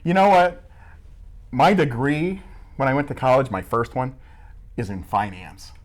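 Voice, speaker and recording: Middle-aged man from Iowa, joking interviewee, animated delivery. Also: medium pitch, measured pace. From Midwest US, Iowa. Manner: joking, self-mocking storyteller. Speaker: school staff member being interviewed. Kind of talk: casual interview chat.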